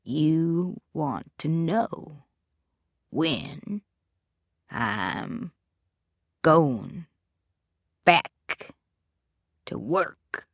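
A woman voicing a menacing, unhinged father whose voice swings from slow, eerie murmurs to bellowing rage in a dry, close recording. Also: low voice, sing-song, no room sound, full character voice.

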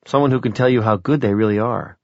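A man's voice: mid-range voice, fast talker, a little mellow, no room sound, natural voice. Brief: male reader doing an insistent grown daughter, audiobook, dull dry sound. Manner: coaxing, persistent. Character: young adult daughter, earnest and insistent.

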